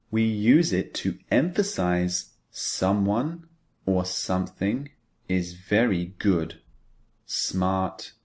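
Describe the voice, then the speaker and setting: A man teaching an English speaking pattern, explaining slowly and deliberately with spoken example sentences. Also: deep voice, a little mellow. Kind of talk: scripted language lesson.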